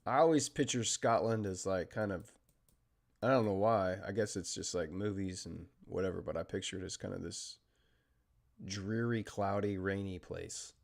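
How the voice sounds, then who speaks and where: American guy streaming live trades, low voice, rambly and casual with lots of ums. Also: vocal fry. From United States. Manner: chatty, thinks aloud with fillers and trailing pauses; steady technical market commentary. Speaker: trading livestream host.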